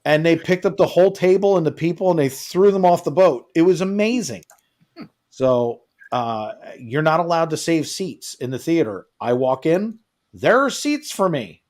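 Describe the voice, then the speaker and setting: A man's voice: on the high side, moderate pace. A man co-hosting a live travel chat, telling stories with lots of energy and acting out the people he quotes. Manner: animated storytelling, acts out quotes. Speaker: co-host of a travel show. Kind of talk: casual livestream chat.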